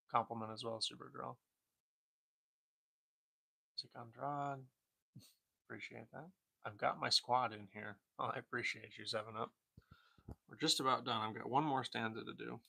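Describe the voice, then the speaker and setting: A man chatting softly to his stream, his voice low and gravelly in a way that gets him compared to a dusty cowboy. The tone stays bright and edgy despite how quietly he speaks, and he answers viewers one comment at a time. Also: fairly even intonation, a little slow, pauses often. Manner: soft-spoken, reads and answers chat comments. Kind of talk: quiet casual live-stream chat.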